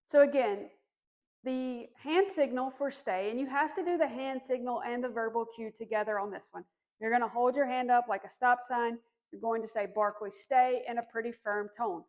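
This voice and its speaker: A woman dog trainer calmly explaining commands during a demonstration, encouraging and firm on cues. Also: a little high, moderate pace. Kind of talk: instructional demonstration.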